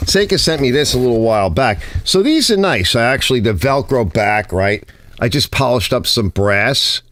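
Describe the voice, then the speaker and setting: Animated, blunt man talking shop. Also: medium pitch, normal speed, no echo. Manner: blunt, animated, swears casually. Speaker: garage channel host. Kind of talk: casual hands-on shop talk. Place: home garage workbench. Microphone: close mic he sometimes bumps.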